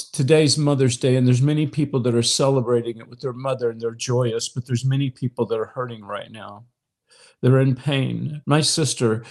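A middle-aged man leading an online prayer talk, speaking straight to viewers with emotion, swelling to impassioned peaks and sinking soft again. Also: mid-range voice. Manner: direct address to viewers, frequent fillers. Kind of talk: livestream devotional talk.

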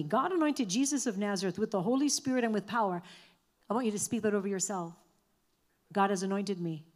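A woman's voice: medium pitch, darkish tone. A woman preaching a fervent sermon in a church, repeating lines for the congregation to say back.

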